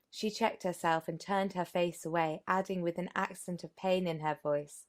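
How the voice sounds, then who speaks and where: A woman reading a classic novel aloud as narrator, steady with small restarts. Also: fairly low pitch, normal speed. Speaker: audiobook narrator.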